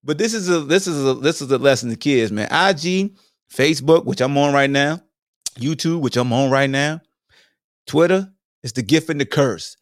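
A man hosting a podcast, delivering a joking commentary monologue in slang, swinging between high exclamations and low mutters. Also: moderate pace, no room sound, studio quality. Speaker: podcast host. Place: home streaming setup.

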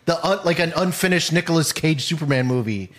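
A man's voice: fairly high pitch, a little fast. A man co-hosting a casual podcast chat, talking in loose starts and restarts. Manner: animated, trails off and restarts a lot. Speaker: podcast co-host.

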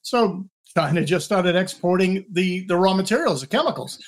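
A man in his sixties, a retired drug agent, giving measured explanations as a podcast guest. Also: high voice, expressive. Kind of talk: podcast interview.

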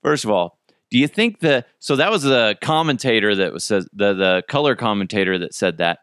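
Lively, joking male podcast host. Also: fairly low pitch, a little fast, clear, resonant tone, no echo, clean studio sound. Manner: animated, joking storyteller who swears freely. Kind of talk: casual solo podcast chat.

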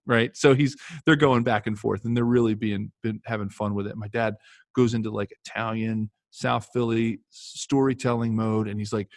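A man's voice: on the low side, fairly even intonation, normal speed, no room sound, studio quality. A man in his fifties, a former pro football player, telling stories casually with many fillers and restarts. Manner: rambling, lots of fillers and restarts. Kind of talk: casual storytelling.

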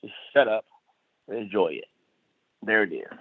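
A man's voice: on the low side, normal speed, no room sound. A man from South Carolina, a stand-up comedian guest, chatting casually and emphatically, repeating phrases as he rants. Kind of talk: casual podcast chat. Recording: tinny phone-like dry sound.

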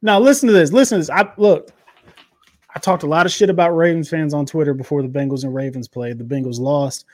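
A fired-up man talking football on a podcast, cursing and venting as his voice climbs a little higher than most. The sound is close and dry, with no room around it. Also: quick pace, darkish tone, no room sound. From Cincinnati area. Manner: profane, worked-up ranting. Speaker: podcast co-host. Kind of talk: casual sports chat.

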